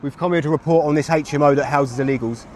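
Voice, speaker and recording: Out on a busy road with traffic audible behind him, a man from England in his thirties rambles chattily to his stream chat via a phone mic. He speaks fast in a fairly high, slightly mellow voice.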